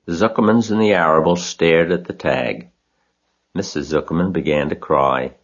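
Very deep husky man reading a story. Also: moderate pace, muffled recording. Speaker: narrator.

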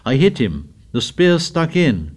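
A man doing an excitable, boastful young schoolboy in a storybook reading. The voice is pitched well up, eager and insistent. It comes across as a bright, pushy bragging kid. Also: measured pace. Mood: boastful, excited.

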